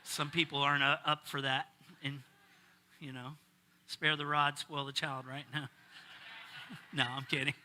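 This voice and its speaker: A man's voice: on the high side, level tone, a little slow, long pauses, sharp tone, slight background noise. A middle-aged male pastor preaching a casual sermon, joking and bantering with his congregation.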